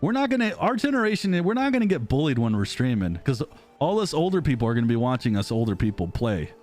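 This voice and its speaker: A man's voice: mid-range voice, big pitch swings, fast talker, darkish tone, faint music behind. A man in his thirties with an American accent, chatting casually with viewers on a live stream, rambling and self-deprecating. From United States. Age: 30s. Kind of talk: casual live-stream chat reading comments.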